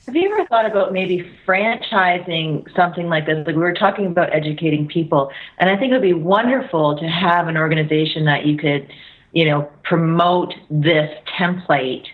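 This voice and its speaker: A woman's voice: fairly low pitch, normal speed. A woman from Canada hosting the show, asking chatty, loosely phrased questions over a Skype call. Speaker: radio host. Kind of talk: remote interview over Skype. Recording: thin lo-fi Skype call line.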